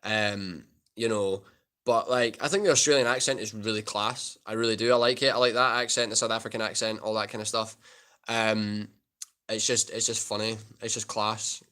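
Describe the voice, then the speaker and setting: A man's voice: lowish voice, flat delivery, moderate pace, sharp tone. A Scottish man chatting casually on a livestream, reading viewer comments aloud and answering them. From Scotland.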